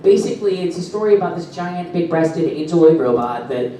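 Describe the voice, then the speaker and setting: A middle-aged man spins animated stories at a convention panel and breaks into laughter often. His voice bounces around a big echoey hall, heard from well back from the mic. A steady noisy hum sits beneath it. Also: fairly high pitch, fairly quick. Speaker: voice actor, convention panel guest. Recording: echoey hall, distant mic, audible noise.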